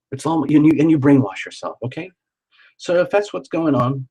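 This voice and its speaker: Husky man giving an encouraging tarot reading. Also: mid-range voice, animated, a little fast, mellow, muffled recording. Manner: encouraging, chatty, repeats words for emphasis. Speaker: tarot reader. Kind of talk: live-streamed tarot reading.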